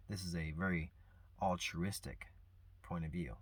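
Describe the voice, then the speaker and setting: A man speaking earnestly and reflectively about grief and forgiveness, soft-spoken with pauses. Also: low-pitched, fairly even intonation, breathy edge, no echo. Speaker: vlogger sharing personal grief. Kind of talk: reflective personal talk.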